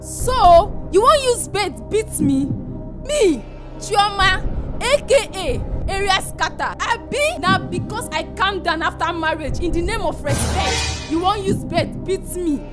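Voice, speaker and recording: A Nigerian woman playing a hot-tempered wife who scolds loudly, mixing pidgin and English. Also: extremely high pitch, lively intonation, unhurried. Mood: scolding. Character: fierce hot-tempered wife who bosses her husband. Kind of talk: comedy skit acting. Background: music.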